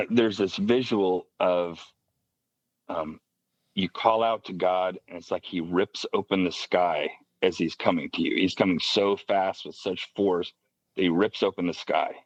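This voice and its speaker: A man on a podcast telling a personal faith story in a halting, reflective way, often restarting his sentences. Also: low voice, no echo, lo-fi sound. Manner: halting, reflective, with many restarts and soft asides. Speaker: podcast guest.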